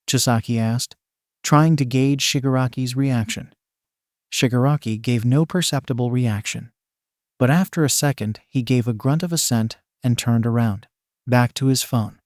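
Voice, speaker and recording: A man narrating a fan fiction story in a steady, even reading voice. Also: medium pitch, moderate pace, dry recording, clean studio sound.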